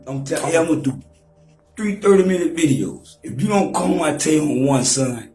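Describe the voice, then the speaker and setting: A man's voice: medium pitch, animated, a little fast, darkish tone, roomy sound, faint music behind. A man in his forties trash-talking and taunting on a profane livestream rant, mock-rapping at times. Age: 40s.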